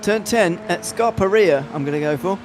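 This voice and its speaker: A man commentating an online sim race, chatty and self-deprecating, with quick asides. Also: high-pitched, background noise.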